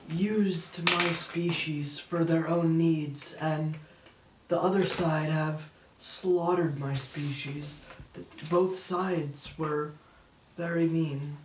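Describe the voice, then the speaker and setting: A man voicing a weary male Geonosian insect alien, speaking in a halting, mournful way. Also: fairly high pitch, background noise. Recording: roomy, distant, muffled mic.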